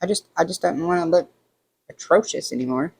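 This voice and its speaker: This woman vlogger chats casually at home while working on a diamond painting, wandering through stories and acting out what other people said with animated quotes. Her voice is lowish and brisk, with creaky, breathy edges.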